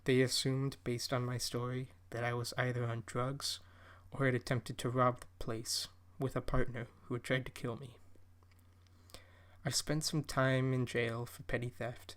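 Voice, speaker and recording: A man narrating a horror story in a measured, steady storytelling delivery. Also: mid-range voice.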